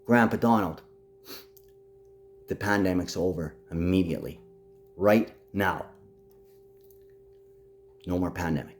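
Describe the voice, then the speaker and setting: A man's voice: sits low, slow pace, long pauses. A man talking to camera in a rambling, agitated monologue, addressing absent people directly.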